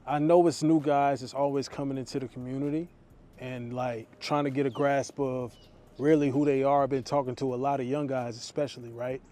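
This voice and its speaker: A man's voice: medium pitch, level tone, brisk, dark tone. A young man, a dating coach, giving a blunt, slangy motivational talk straight to camera.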